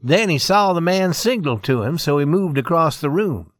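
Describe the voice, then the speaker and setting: Expressive male storybook narrator. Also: a little high, moderate pace, dry recording, studio quality.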